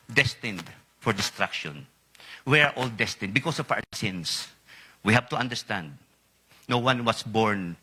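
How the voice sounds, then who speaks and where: Lively Filipino preacher with bright voice. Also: male voice. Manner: switches between English and Tagalog, asks the congregation for responses; rises sharply in pitch on emphasized words. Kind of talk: sermon.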